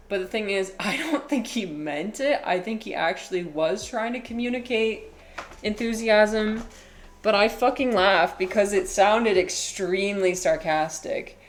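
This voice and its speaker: A woman streamer and English teacher chatting casually and rambling on a live stream, with many fillers and an often flat, low-key delivery. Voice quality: usually flat and low-key, by her own account.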